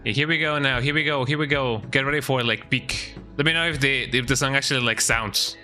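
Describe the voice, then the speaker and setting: A man's voice: medium pitch, fairly quick, bright, forceful tone, faint music behind. A man streaming a game, chatting casually, often ending sentences with "eh?" and talking to his cat. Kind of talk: casual gameplay commentary.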